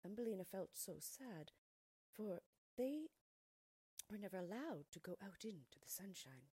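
A woman reading a fairy tale aloud in an expressive way, often dropping to a soft near-whisper, in a husky voice, recorded on a close mic. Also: medium pitch, a little slow, dry recording. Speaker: storyteller.

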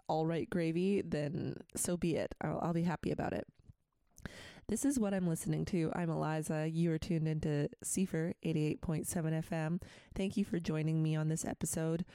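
Woman radio host, chatty and digressive, mellow voice, dry studio sound. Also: sits low, gravelly, dry recording. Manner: rambling and chatty, full of asides. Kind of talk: casual radio chat with a poetry reading.

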